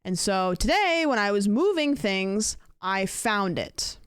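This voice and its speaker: A woman's voice: medium pitch, very animated, takes it slowly, clean tone, dry recording, studio quality. A woman streaming a game, chatting casually and swearing as she plays and talks to her chat. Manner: casual and sweary, talking to herself and chat while playing. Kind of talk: casual gaming livestream chat.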